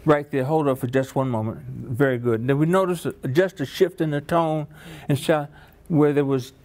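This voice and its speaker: A man's voice: on the high side, steady tone, normal speed, a little mellow. A man leading a training workshop with upbeat, encouraging coaching.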